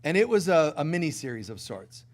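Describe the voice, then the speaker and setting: A middle-aged man gives a spiritual sermon. His voice sits a little high, and he tells stories with playful asides. He often drops soft and then rises loud. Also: very animated, brisk. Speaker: spiritual teacher.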